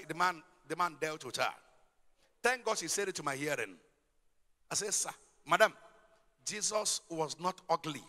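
Male pastor, forceful bright delivery, high-pitched, preaching in a big reverberant hall. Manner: emphatic preaching with rhetorical questions to the congregation. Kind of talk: sermon.

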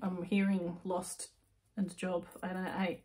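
A woman's voice: fairly low pitch, flat delivery, takes it slowly, darkish tone. Emotional woman giving a tarot reading. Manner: emotional, intuitive, self-interrupting; thinks aloud with restarts and asides. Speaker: tarot reader.

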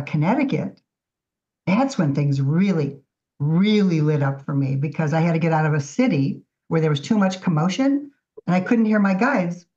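A woman guest artist telling her story in a casual, animated interview. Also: fairly low pitch. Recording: dull lo-fi audio.

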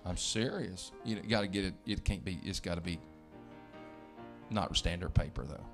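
A man's voice: sits low, normal speed, music in the background. A male pastor, preaching a sermon in a church with folksy storytelling. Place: church sanctuary.

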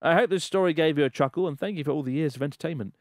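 Reading a listener's letter on a podcast, this male co-host speaks very fast in a slightly high voice, laughing and cursing in disbelief as he goes. His delivery is casual, and the recording is dry and clean, studio quality.

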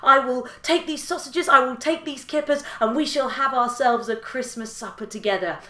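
Frail old widow woman for a storybook, soft, slow, tender and high; a woman puts her on. Roomy echo. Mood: grateful.

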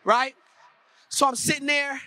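A man with a very high voice delivers a motivational keynote to an audience in a conference hall, speaking at a moderate pace. He's animated, acting out the scenes of a story and putting questions to the crowd.

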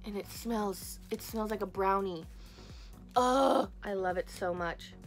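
A young woman hosting a casual unboxing vlog, gushing and excitable, gasping over each cute item. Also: mid-range voice, slow, faint music behind. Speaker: craft and squishy channel host.

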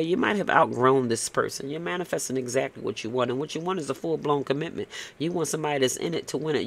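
A man giving a casual, blunt tarot reading, tagging "okay?" onto his points and cursing freely. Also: fairly high pitch. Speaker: tarot reader.

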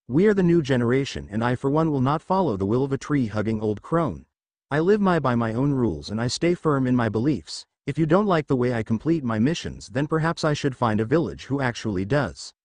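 A man's voice: mid-range voice, very animated, a little fast, a little mellow, dry recording. A man reading a fan fiction story, voicing a cruel, scornful woman ninja who sneers and growls.

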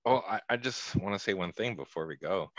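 Very deep male podcast co-host, joking, slightly dull lo-fi sound. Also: animated, fairly quick, a bit bright, no echo. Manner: joking, laughs often. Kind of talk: casual chat.

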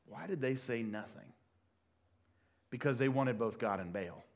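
Animated male pastor preaching a sermon. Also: mid-range voice, a little slow, creaky. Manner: animated storytelling, swings from loud acted quotes to hushed asides. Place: church sanctuary.

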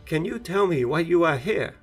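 A man's voice: fairly high pitch, animated, moderate pace, husky, soft background music, pitched above the performer's own voice. A man voicing an ageless woman warrior-monk in a storybook reading, clipped and commanding, raised above his own voice. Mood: probing.

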